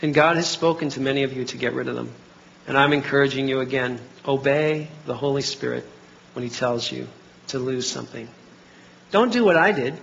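A middle-aged man preaching a sermon, animated and acting out bits of dialogue in different voices. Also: medium pitch, fairly quick, gravelly, a little hiss or hum. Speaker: pastor. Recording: dull lo-fi recording.

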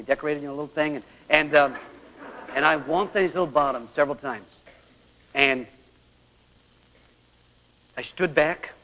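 A middle-aged male preacher works through a personal story, acting out each voice in turn. His voice sits a little high. The old recording is muffled and carries a long hall reverb. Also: a bit bright. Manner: storytelling, acting out his son's cries and his own words. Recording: old lo-fi tape in a large hall.

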